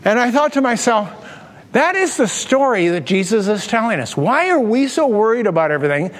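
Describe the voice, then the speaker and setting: A man preaching a sermon as a pastor, telling stories animatedly and acting out quotes. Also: sits high. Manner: animated storytelling with acted quotes. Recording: reverberant hall.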